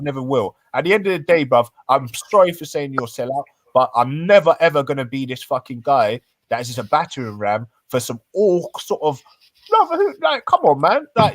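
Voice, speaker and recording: A man's voice: fairly high pitch, dry recording. A man arguing heatedly on a live-stream panel, swearing and full of slang. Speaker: panel guest.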